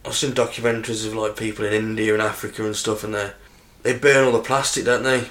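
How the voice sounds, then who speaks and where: A man's voice: fairly low pitch, level tone, fast, a bit bright. A man co-hosting a podcast, reading out facts with dry asides. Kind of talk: casual banter.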